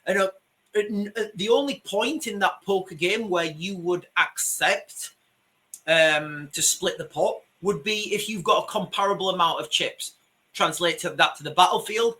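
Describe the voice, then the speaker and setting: A man with a Yorkshire accent gives emphatic screen-share commentary, often restarting phrases and calling his viewers ladies and gentlemen. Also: high voice, normal speed. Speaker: commentator on a video channel.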